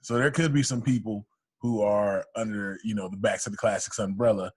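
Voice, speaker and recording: A man guesting on a podcast, relaxed and repeating words as he gets going. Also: on the low side, brisk, husky, no echo. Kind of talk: casual podcast chat.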